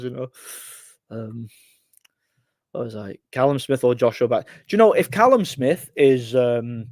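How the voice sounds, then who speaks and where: A man's voice: medium pitch, a little mellow, dry recording. A man hosting a casual livestream and answering chat questions, rambling with lots of repeated words and fillers.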